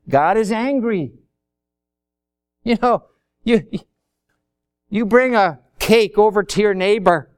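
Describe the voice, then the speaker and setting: High-voiced slow-preaching man. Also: smooth. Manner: folksy, acts out little dialogues. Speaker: pastor. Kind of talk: sermon.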